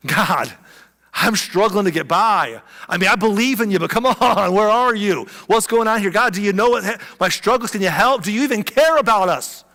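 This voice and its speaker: A man's voice: lowish voice, normal speed, long reverb tail, pitched below the performer's own voice, lightly acted. A pastor putting on a troubled old-time fisherman. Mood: pleading. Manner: pleading, self-reproaching. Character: troubled adult male fisherman, humbled and worn down.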